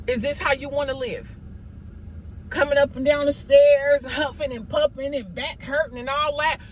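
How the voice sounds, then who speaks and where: A woman's voice: high voice, steady tone, normal speed, a little hiss or hum, rough recording. A woman giving an emphatic, repetitive motivational monologue, scolding herself and her viewers in a preachy tone. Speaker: motivational vlogger. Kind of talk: motivational self-talk monologue.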